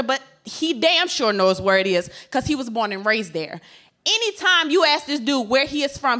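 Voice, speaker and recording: Woman, from Virginia Beach, stand-up comic, sassy, brash, bright tense voice. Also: high-pitched. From Virginia Beach, USA. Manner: sassy, brash, punchy asides with frequent "okay?". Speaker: stand-up comedian. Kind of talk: stand-up comedy set.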